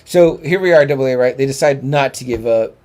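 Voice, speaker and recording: A man's voice: mid-range voice, a little fast, a little mellow. A man co-hosting a comic book podcast, enthusiastic and profane, often checking in with his partner. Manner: enthusiastic, keeps checking in with "right?". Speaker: podcast co-host. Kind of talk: casual comic book discussion.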